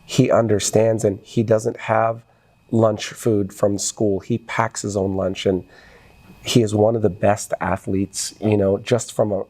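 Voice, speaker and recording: A middle-aged man speaks as a guest on a podcast in a low, mellow voice. He talks earnestly, with feeling, in a relaxed interview. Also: measured pace. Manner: earnest, emotional when talking about his son. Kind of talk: casual interview conversation.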